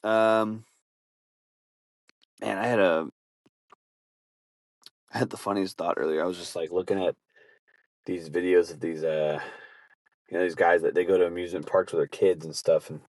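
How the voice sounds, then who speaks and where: A deep-voiced man hosts his podcast alone, drifting through a rambling, casual story. He breaks into quick acted asides as he goes. The recording is close and dry, with no room sound. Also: fairly even intonation, darkish tone, no echo. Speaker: podcast host. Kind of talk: casual monologue.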